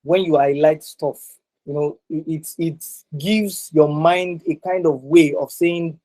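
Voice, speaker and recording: A man's voice: a little high, steady tone, takes it slowly, mellow, poor audio. A man teaching a live online exam-prep class over a video call. He repeats his points and tags many sentences with "right?".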